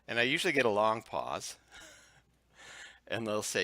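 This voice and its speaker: A very low-pitched man with a bright, forceful edge recounts his stories in an easygoing, chuckling manner. His voice sounds dry and close, with no room around it. He is a hypnotist chatting as the guest of an interview. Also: moderate pace, long pauses, no echo. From United States. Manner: relaxed anecdotal telling, chuckles often. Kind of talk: casual interview storytelling.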